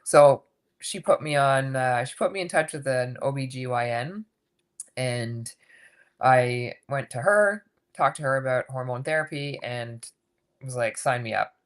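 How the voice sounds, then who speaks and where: A woman's voice: extremely low pitch, a little slow. A woman in her fifties telling her own story candidly as a guest in a casual interview, acting out what people said. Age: 50s. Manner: candid, animated storytelling with acted quotes. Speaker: guest coach.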